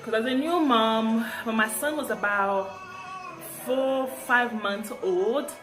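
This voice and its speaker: A young woman with an African accent telling a story to camera in a casual, animated way, laughing often and repeating words. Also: fairly high pitch, takes it slowly, music in the background. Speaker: vlogger.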